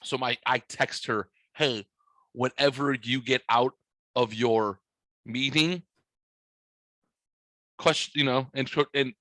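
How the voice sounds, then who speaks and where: A man's voice: mid-range voice, steady tone, takes it slowly, pauses often, sharp tone, dry recording, poor audio. A young man hosting a podcast, telling a story in a joking, profane, smart-aleck way. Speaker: podcast host. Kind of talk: casual storytelling.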